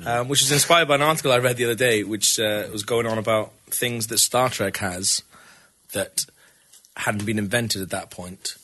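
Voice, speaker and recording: A man's voice: fairly low pitch, normal speed, bright, forceful tone, a little hiss or hum. A man hosting a comedy podcast quiz segment, rambling and hesitant, with lots of fillers and laughter. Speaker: podcast host presenting a quiz feature. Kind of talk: casual comedy podcast banter.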